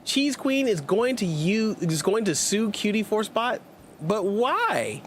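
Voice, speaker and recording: A man's voice: high voice, big pitch swings, takes it slowly, a little hiss or hum. A man streaming gameplay, chatting casually and joking with his viewers as he reads their messages aloud. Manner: playful, jokey, sarcastic asides. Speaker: let's play streamer. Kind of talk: casual gameplay commentary with chat.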